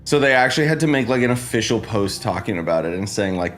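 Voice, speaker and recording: A man's voice: on the low side, animated, fast, a bit bright, soft background music. Congested laid-back male streamer. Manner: laid-back, rambling, greets chat by name. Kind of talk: casual live-stream chat. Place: home streaming setup with green screen.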